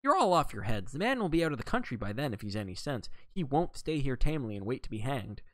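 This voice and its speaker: A man reading a novel aloud, voicing a gruff, blunt middle-aged Englishwoman with a snappish, scornful manner. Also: medium pitch, very animated, fast talker, fairly bright tone, no echo, pitched above the performer's own voice. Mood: indignant.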